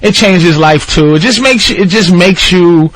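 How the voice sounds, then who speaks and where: A man with a fairly high voice tells a long, profane story on a radio show, acting out the people in it. His delivery is animated and loose. The studio sound is dry and close. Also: normal speed, no echo. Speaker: guest storyteller.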